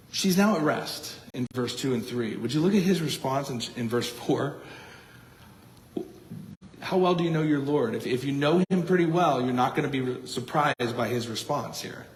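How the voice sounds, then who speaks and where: A man's voice: mid-range voice, a little hiss or hum. A man preaching as pastor in a church, earnest and thinking aloud, often repeating words as he goes. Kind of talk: expository sermon. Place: church sanctuary. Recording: echoey church room.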